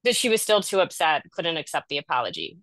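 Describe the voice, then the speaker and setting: A woman's voice: deep voice, fast talker, dry recording. Rambling woman caregiver on a video call. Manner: rambling, self-deprecating, animated. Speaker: caregiver sharing in a support group. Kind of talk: candid personal story in a video call group.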